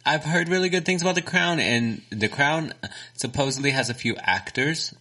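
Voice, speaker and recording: A Texan man co-hosting a casual chat, animated and quick to laugh and react. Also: a little high. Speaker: podcast co-host.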